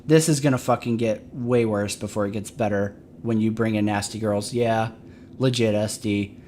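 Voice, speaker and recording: A man's voice: fairly low pitch, steady tone, normal speed, darkish tone, slight background noise. Profane, heated male streamer. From Michigan. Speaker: military veteran. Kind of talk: casual chat.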